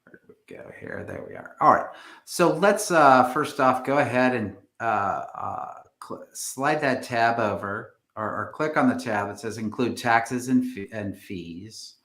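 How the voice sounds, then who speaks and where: A man's voice: medium pitch, measured pace, few pauses, fairly bright tone, reverberant. A man, a real estate agent, talking through the housing market on a live stream, hesitant with many fillers and restarts.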